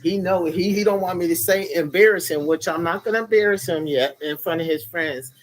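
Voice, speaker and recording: Tucked under a cover in bed, this live streamer talks a little fast in a voice that sits high, rambling to viewers over his phone in a low-quality recording. He cusses and sounds irritated but stays sweet toward his audience, with faint music playing from another room.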